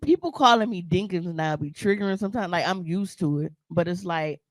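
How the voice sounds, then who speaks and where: A woman's voice: on the low side, brisk, no echo. A woman co-hosting a podcast, telling a story in casual chat, blunt and profane, with frequent laughs. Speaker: podcast co-host.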